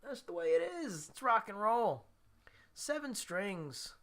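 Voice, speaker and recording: Taking it slowly in a high, sing-song voice with a fairly bright tone, a man hosts his weekly guitar livestream. He's chatty and self-deprecating, laughing often and reading out what viewers write.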